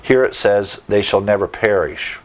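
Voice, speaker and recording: A man's voice: fairly low pitch, moderate pace. A man preaching a sermon, teaching verse by verse with emphatic asides and rhetorical questions. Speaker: pastor.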